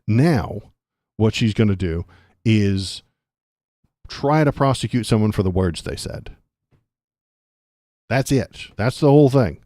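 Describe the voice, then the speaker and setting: Brief: male political streamer, low voice, dry close mic, ranty and sarcastic, laughs along with chat. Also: expressive, slow, long pauses, dark tone, dry recording. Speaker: political livestream host. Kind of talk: ranting livestream commentary.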